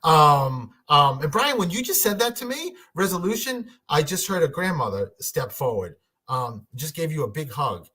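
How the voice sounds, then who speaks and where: A man's voice: on the high side, big pitch swings, moderate pace, pushed and bright, breathy edge. A man doing a casual livestream reading for his viewers, chatty and rambling, with lots of restarts and fillers. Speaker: medium, livestream host.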